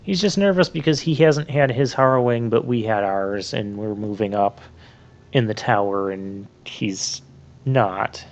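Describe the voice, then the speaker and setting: A man's voice: fairly low pitch, measured pace. A man hosting a let's play, giving rambling, chatty gameplay commentary full of fillers. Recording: slightly muffled lo-fi mic.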